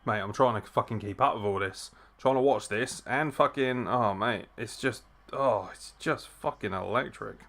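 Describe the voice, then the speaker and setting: A young man reacts live to a wrestling show, swearing freely and jumping between shouts and laughter. His voice sits at an ordinary middle pitch for a man, and his delivery is loose, unscripted commentary. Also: normal speed, few pauses. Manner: excitable, swears a lot, bursts into laughter and shouts. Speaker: wrestling watchalong host.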